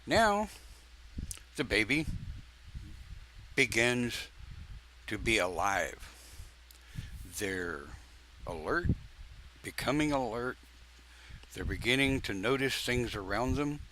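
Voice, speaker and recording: Older male minister, croaky but bright, slow unhurried delivery, faint noise behind. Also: medium pitch, big pitch swings. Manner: folksy, joking asides, drawn-out pauses. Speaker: pagan minister. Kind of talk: informal live-stream sermon.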